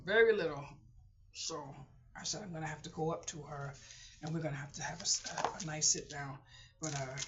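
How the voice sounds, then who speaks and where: Woman vlogger, rambling heartfelt chat, bright tense voice, dull lo-fi sound, faint hiss. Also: low-pitched. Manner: rambling and heartfelt, many fillers, talks to viewers as "boys and girls". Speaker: frugal living vlogger. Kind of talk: casual personal chat to camera. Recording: dull lo-fi recording with faint noise.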